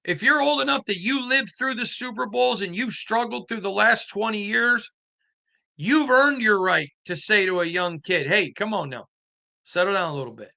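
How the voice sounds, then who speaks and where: A middle-aged man hosts a sports talk show, delivering a rambling but impassioned monologue. His voice sits high and sounds bright and forceful. He drifts through anecdotes and then pushes hard into his opinions. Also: moderate pace, creaky. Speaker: sports beat writer and show host.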